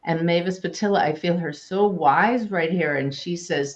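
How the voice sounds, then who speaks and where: A woman hosting a spiritual question-and-answer talk as a medium, chatting in a lively way and laughing easily. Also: on the low side, moderate pace, few pauses, muffled recording. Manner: warm, animated, laughs easily. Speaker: host and medium.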